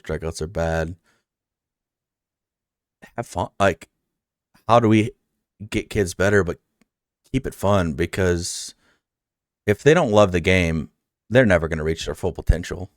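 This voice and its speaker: Man, podcast host, casual chat, low resonant voice, dry sound, rambling heartfelt storytelling. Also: clean tone, dry recording.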